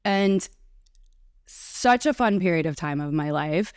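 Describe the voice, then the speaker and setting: Woman guest, New York area, low voice, eager storyteller, dry close mic. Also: lively intonation, slow pace, darkish tone, smooth, no echo. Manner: enthusiastic, chatty storyteller. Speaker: guest, breathwork and Reiki facilitator. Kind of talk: casual conversational interview.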